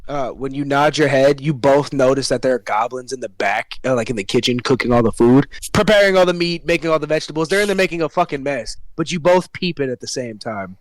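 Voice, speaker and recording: A man's voice: mid-range voice, fast, few pauses, no echo, poor audio. A man narrating a tabletop game as game master, joking and punning. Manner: jokey, punning, laughs often.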